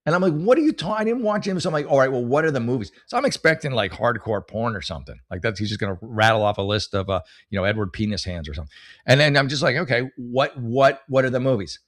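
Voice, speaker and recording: A man's voice: medium pitch, animated, quick pace, a bit bright. A middle-aged man hosting a comedy podcast, telling rambling stories with lots of cursing and restarts. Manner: rambling, swearing, storytelling with many restarts. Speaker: podcast host. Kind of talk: casual comedic monologue.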